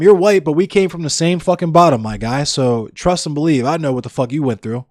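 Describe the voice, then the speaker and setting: A man's voice: on the high side, lively intonation, a little fast, hardly any pauses, a little mellow, dry recording, studio quality. A young man livestreaming, chatting casually with viewers in a blunt, profane, ranting way. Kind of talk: casual chat with live viewers.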